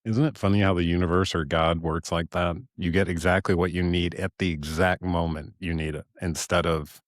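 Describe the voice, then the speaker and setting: A man's voice: low-pitched, steady tone, normal speed, no echo, studio quality. A man hosting a podcast interview, talking in a reflective, encouraging way. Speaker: podcast host. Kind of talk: conversational interview.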